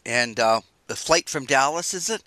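A man's voice: mid-range voice, expressive, moderate pace, sharp tone, no room sound. A man hosting an interview, asking questions in a loose, conversational, rambling way. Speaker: host.

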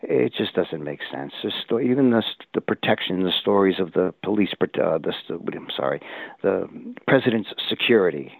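An older man talking as an interview guest, rambling and restarting often, growing animated when he quotes others. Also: sits low, normal speed, vocal fry, slightly rough, no echo. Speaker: guest researcher. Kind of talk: casual interview talk. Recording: tinny phone line, dry.

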